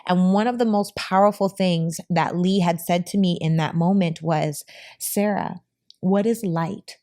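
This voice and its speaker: A woman's voice: lowish voice, fairly even intonation, normal speed, a little mellow. A woman hosting a podcast, talking openly and emotionally with frequent restarts. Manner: open and emotional, with many restarts. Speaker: podcast host. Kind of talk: candid podcast conversation.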